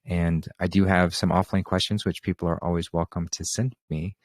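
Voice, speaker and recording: A man's voice: low voice, flat delivery, normal speed, no echo, clean studio sound. A man hosting an open question session on a group video call, talking in an easygoing, rambling way with many fillers. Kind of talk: casual spiritual talk on a group call.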